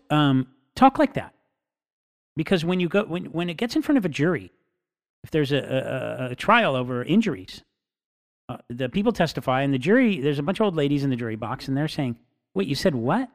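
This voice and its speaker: A man's voice: on the high side, fast. Guy ranting casually, lots of restarts, acts out what people say. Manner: animated, acts out quotes; rambling with restarts. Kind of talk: casual monologue.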